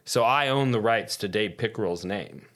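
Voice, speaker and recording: A man who is a podcast guest, telling a long anecdote in casual, lively style and cursing freely. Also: fairly low pitch, moderate pace. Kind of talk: casual storytelling.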